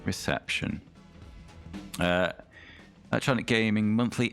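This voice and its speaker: A male game streamer chats casually and reads out review scores with dry asides. His voice sits very low and rough with vocal fry. Soft music plays faintly underneath. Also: expressive, normal speed, long pauses. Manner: chatty, reads aloud and comments dryly.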